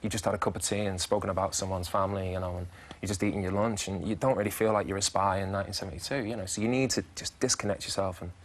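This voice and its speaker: A man talks fast and low as a talk-show guest. He tells his stories in a lively, chuckling way. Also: a little hiss or hum. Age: 30s. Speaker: actor guest. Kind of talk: casual talk-show interview.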